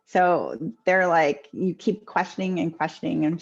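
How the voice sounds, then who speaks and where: A woman's voice: on the low side, unhurried, creaky, slightly rough, dull audio. A woman medium giving live readings from home over a video call, chatty and hesitant with many ums. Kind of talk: live online intuitive readings. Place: home near a kitchen.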